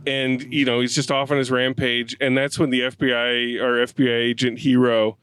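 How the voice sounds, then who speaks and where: A man in casual podcast chat about a film, talking with lively energy and bursting into laughter as he retells scenes. His voice sits at a middle pitch and sounds close and dry, with no room around it. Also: moderate pace, clean tone, no echo. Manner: animated, laughing, profane. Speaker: podcast co-host. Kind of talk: casual movie review chat.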